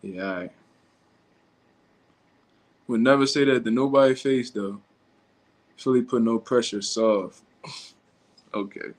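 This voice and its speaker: A man's voice: medium pitch, takes it slowly, long pauses. A man hosting a casual livestream who reacts to viewer comments in blunt, slangy, profane talk. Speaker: livestream host.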